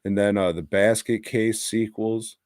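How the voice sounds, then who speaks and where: A man's voice: fairly low pitch, unhurried, clean tone, no echo, clean studio sound. A man co-hosting a podcast, reviewing movies in casual, profane chat and acting out quotes as he tells stories. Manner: profane, animated storytelling with acted-out quotes. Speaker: podcast co-host.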